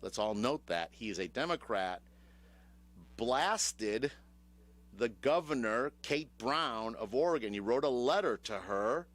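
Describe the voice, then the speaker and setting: A man's voice: mid-range voice, lively intonation, unhurried, fairly bright tone. A man with a Chicago accent hosting a radio talk show, casual and sardonic, throwing rhetorical questions at his co-host. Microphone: studio microphone.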